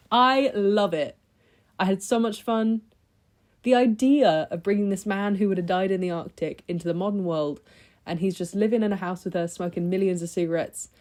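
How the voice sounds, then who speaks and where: A woman's voice: mid-range voice, moderate pace, darkish tone. A young woman talking through books she read in a chatty, enthusiastic vlog, with lots of ums and restarts. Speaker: book vlogger. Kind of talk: casual book review chat.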